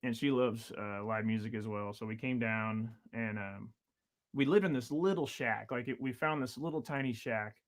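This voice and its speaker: Rambling storyteller man, relaxed chat. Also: medium pitch, normal speed. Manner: rambling, filler-heavy, laughing storyteller. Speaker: podcast guest, drummer.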